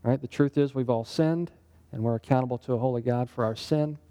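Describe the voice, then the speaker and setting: A man's voice: medium pitch, brisk, warm tone. A man teaching a Bible lesson in a conversational sermon style, often putting questions to his listeners. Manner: conversational, asks the group questions. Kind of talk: interactive sermon.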